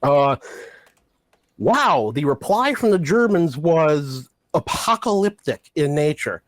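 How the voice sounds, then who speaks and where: Man debater, sardonic and measured, higher voice, dry mic. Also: very animated, no echo. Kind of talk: political debate.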